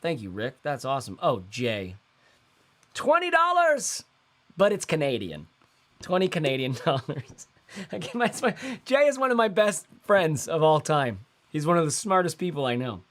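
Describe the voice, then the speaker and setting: A man's voice: fairly high pitch, animated, normal speed. A man in his thirties hosting a casual livestream, talking in a loose, rambling way with lots of fillers and slang. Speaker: host.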